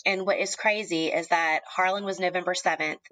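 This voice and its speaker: A woman in her thirties telling a deeply personal story, at times tearful, halting with ums and restarts. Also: fairly even intonation, a bit bright, poor audio. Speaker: guest sharing a personal story.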